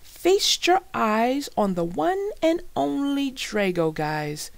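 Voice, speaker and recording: A woman voicing an excitable, boastful young boy who shouts a lot. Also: low voice, unhurried, gravelly, no room sound, heavily acted.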